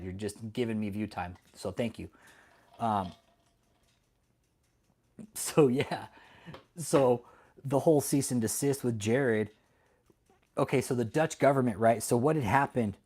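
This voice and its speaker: A man's voice: fairly low pitch, a little mellow. A man hosting a livestream, talking casually and heatedly to his chat, swearing a lot and often laughing. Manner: talks directly to chat viewers. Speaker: livestream host.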